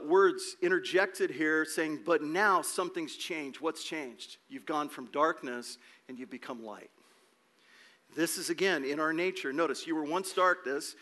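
Male preacher, slightly high, bright voice; emphatic sermon delivery with rhetorical questions. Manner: emphatic, asks rhetorical questions, repeats words. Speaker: pastor.

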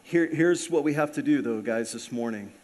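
A man preaching a Sunday sermon, lively and animated, acting out the voices of people in the story. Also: mid-range voice, moderate pace. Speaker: pastor.

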